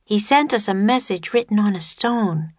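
A woman voicing a cheerful, bold nine-year-old girl in a storybook reading, pitched high and chirpy. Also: animated, normal speed, darkish tone, no echo, clean studio sound, close to an everyday voice. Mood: eager.

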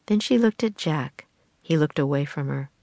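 A woman reads a children's chapter book aloud with calm, even storytelling. Her voice is low with a gravelly texture. The sound is close and dry. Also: moderate pace, dry recording. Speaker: audiobook reader. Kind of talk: children's audiobook narration.

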